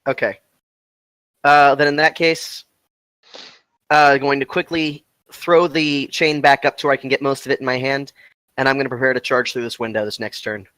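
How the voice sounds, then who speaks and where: A man playing a tabletop game, deliberately describing what his character does. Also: medium pitch, fairly even intonation, sharp tone, clean tone, no room sound, rough recording. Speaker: player.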